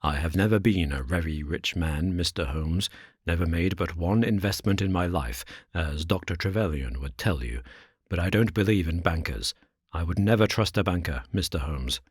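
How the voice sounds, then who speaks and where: A man voicing a jittery, nervous middle-aged gentleman with a reedy, quivering voice. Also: deep voice, expressive, normal speed, slightly rough, dry recording, studio quality. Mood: anxious.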